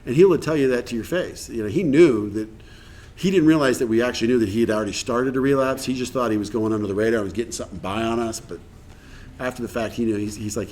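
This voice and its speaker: Man giving a workshop talk, mid pitch, earnest, acts out conversations, faint room noise. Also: fast talker, darkish tone. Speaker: workshop speaker. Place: meeting room with audience.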